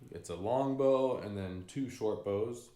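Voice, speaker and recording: A man teaching fiddle bowing in a relaxed, unhurried way, often pausing with ums and singing out rhythms. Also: on the low side. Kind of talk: relaxed spoken music lesson. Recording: echoey room with fiddle playing.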